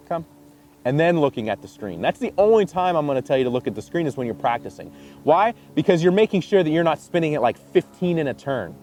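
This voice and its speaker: Lively man teaching dog training. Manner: lively, jumps to a high excited voice when praising. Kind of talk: instructional demonstration.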